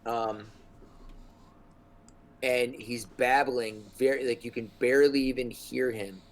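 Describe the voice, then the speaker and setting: A man's voice: mid-range voice, fairly even intonation, slow, poor audio. A man narrating a tabletop game as game master, rambling with many fillers. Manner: rambling, many ums and likes.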